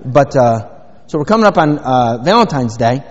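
A man's voice: mid-range voice, very animated, normal speed. A middle-aged man preaching a sermon as a pastor, in a rambling, folksy way with many fillers. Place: church sanctuary. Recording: dull sound with long hall reverb.

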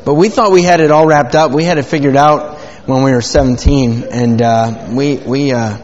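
A man's voice: mid-range voice, fairly even intonation, moderate pace, a little mellow. Preacher guy, 40s, rambling folksy chat w lots of uh's, muffled church sound w long echo. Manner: rambling and folksy, many fillers. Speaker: pastor. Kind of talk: informal sermon with prayer. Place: church sanctuary. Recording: dull sound with hall reverb.

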